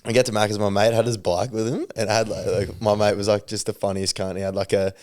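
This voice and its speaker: Young man, low voice, rambling storyteller, casual podcast chat. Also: flat delivery, fast, a little mellow. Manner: rambling, many fillers, swears freely, laughs mid-story. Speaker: podcast co-host.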